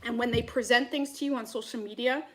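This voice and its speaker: A woman's voice: on the high side, steady tone, fast, fairly bright tone, a little hiss or hum. A woman, a tarot reader, ranting to camera in a heated, profane, rambling way between readings.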